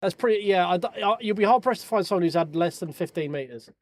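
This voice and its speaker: A fast-talking man with a voice that sits high streams sim racing, chatting casually with viewers while reviewing race replays. His banter is joking and sweary.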